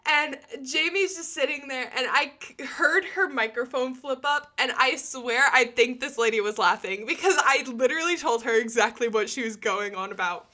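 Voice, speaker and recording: A young woman telling a casual storytime anecdote to her audience, chatty and quick to laugh, filling her talk with "like". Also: sits high, pushed and bright. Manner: chatty, peppered with "like", laughs often. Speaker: storytime vlogger.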